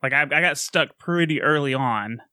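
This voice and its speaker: A man co-hosting a casual movie-review podcast, animated and laughing, often restarting his sentences. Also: a little high, normal speed, no echo, studio quality. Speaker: podcast co-host.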